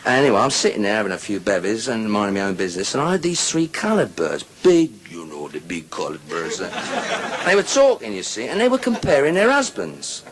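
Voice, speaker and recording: A man's voice: lowish voice, very animated, brisk, a bit bright. A man telling bawdy stand-up comedy stories in a chatty, aside-filled way.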